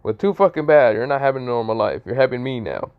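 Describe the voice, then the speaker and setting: A man playing a loud, crude young dragon spirit. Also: fairly low pitch, moderate pace, narrow, tinny audio, natural voice. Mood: brash. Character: brash young male dragon spirit in a gauntlet.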